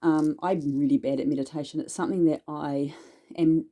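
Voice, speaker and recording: A woman's voice: low voice, steady tone, normal speed, mellow. A woman chatting casually in a haul vlog about her witchcraft purchases, rambling and self-deprecating as she goes. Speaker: witchcraft vlogger.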